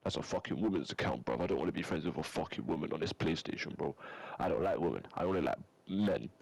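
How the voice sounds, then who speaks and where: Deep streamer, crude slangy trash talk with mates on chat. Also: male voice, lively intonation, quick pace, creaky, a little mellow, slightly rough, dry recording, poor audio. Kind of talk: casual banter with friends on voice chat.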